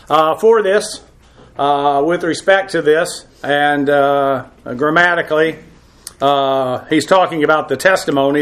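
Halting, higher-voiced male Bible teacher. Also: a bit bright. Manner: halting, frequent uh fillers; frank, blunt asides. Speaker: pastor. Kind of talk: verse-by-verse Bible lesson.

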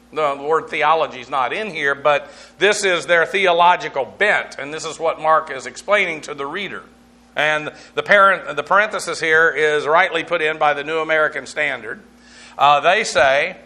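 A man's voice: fairly high pitch, sharp tone. A man teaching through a Bible passage verse by verse, explaining Greek words and spelling them out, in a conversational way with frequent fillers.

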